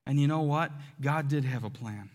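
A man preaching a sermon as pastor, animated and acting out quotes with loud outbursts. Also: on the high side, normal speed. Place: church sanctuary. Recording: long hall reverb.

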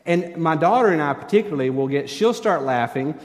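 Conversational pastor in reverberant hall. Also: male voice, a little high, animated, a little fast, a little mellow. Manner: conversational, self-deprecating humor. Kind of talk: sermon. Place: church sanctuary. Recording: long church hall reverb.

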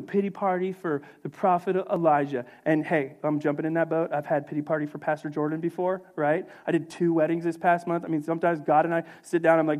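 A man preaching a sermon as pastor, animated and conversational, slipping into acted asides. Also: fairly high pitch, fairly quick, hardly any pauses.

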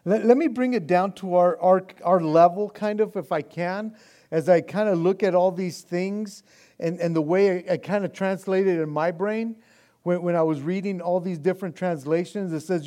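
A man preaching, reading scripture slowly and then explaining it in loose, animated everyday talk. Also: sits high. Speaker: pastor. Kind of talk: sermon.

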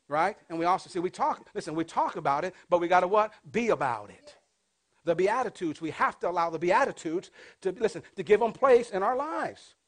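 High-voiced pastor in his fifties preaching. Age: 50s. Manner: call-and-response questions to the congregation; animated, swings between loud and hushed. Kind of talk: sermon.

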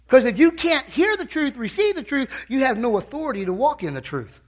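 A man preaching a sermon in a church, impassioned, breaking into loud shouted bursts. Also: very high-pitched, sing-song, a little fast.

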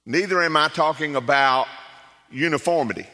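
A man's voice: a little high, moderate pace, bright, forceful tone, big-room sound. A man from South Carolina preaching as a guest, in a folksy, conversational way with many fillers. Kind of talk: sermon with folksy storytelling. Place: church sanctuary.

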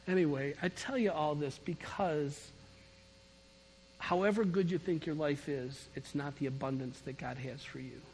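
Brief: middle-aged male preacher, husky, emphatic testimony sermon, reverberant church hall. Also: fairly high pitch. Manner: storytelling, animated, emphatic. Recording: long reverb of a large hall.

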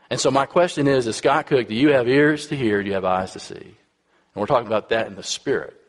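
A man in his fifties with a Texas accent, preaching a sermon in a conversational, storytelling way with frequent asides to the congregation. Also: medium pitch. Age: 50s. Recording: long hall reverb.

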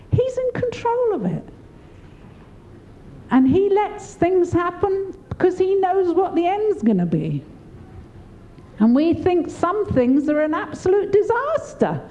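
A woman's voice: takes it slowly, rough recording. An older woman preaching a sermon, encouraging and often laughing as she speaks. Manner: warm, laughing, encouraging, lively pitch swings.

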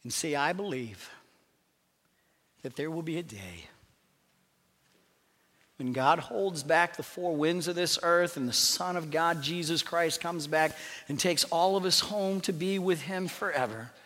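A male pastor preaching a sermon, swinging from loud proclamations to hushed, near-whispered lines. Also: a little high, a little slow, pauses often, in a large hall.

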